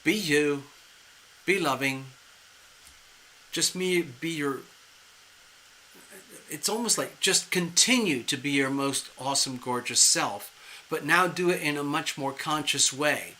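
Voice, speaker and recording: A man reads tarot on a live stream, talking in a chatty, playful way. His voice sits somewhat high and sounds bright and forward. He keeps the delivery animated and conversational. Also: takes it slowly, long pauses, rough recording. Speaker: tarot reader.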